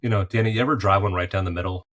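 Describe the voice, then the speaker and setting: A man's voice: low voice, very fast, a bit bright. A man, a podcast guest who left a golf career for art, talking through life in golf and faith analogies in a reflective, conversational way. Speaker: podcast guest, former golf pro turned artist.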